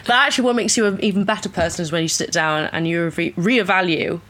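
A young woman with a fairly low voice, speaking as a podcast guest. She is candid and animated, jumping into other people's voices as she tells a story. Her talk is casual and full of swearing. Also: fast talker.

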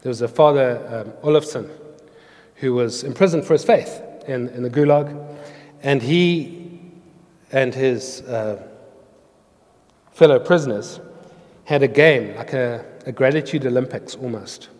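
A man's voice: mid-range voice, unhurried, long pauses, darkish tone. A man preaching a sermon in an earnest, storytelling way, explaining words of scripture. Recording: long hall reverb.

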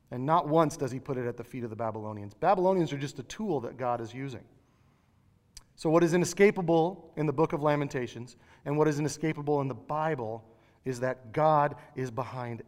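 Animated male preacher, hall echo. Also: on the high side. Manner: conversational, animated asides. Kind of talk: sermon.

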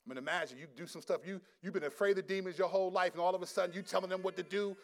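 A man preaching a sermon as a pastor, telling stories in an animated, slangy way and laughing often. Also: sits high, rapid-fire.

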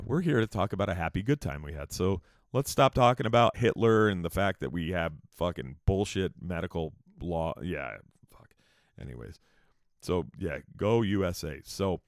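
American guy, low voice, rambly and sweary, goes off on tangents, lots of ups and downs in his voice. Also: no room sound, clean studio sound. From United States. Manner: profane, rambling, swings into animated rants. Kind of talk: casual storytelling.

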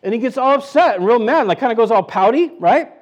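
High-pitched guy preaching, super casual, keeps asking the crowd questions and restarting lines. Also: lively intonation, fast. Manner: chatty, rhetorical questions, frequent restarts. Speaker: pastor. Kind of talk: conversational sermon.

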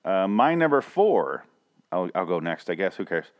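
Low-voiced profane podcast man. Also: normal speed. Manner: blunt, profane, animated retellings. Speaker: podcast co-host. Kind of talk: casual chat.

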